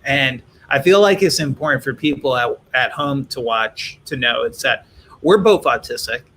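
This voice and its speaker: A man hosting a live online interview, his voice bright and clear. He reads viewer questions out and puts them into his own words for his guest. Faint noise hums behind him on the video call. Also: medium pitch, lively intonation, moderate pace. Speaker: host.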